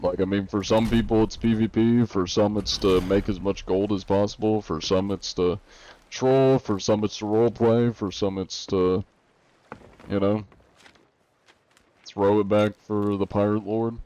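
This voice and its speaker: A man's voice: fairly low pitch, steady tone, measured pace, dark tone, dull audio. A young adult man streaming a game, chatting casually and answering viewers' questions in a laid-back, rambling way. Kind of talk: casual live-stream chat, reading chat questions.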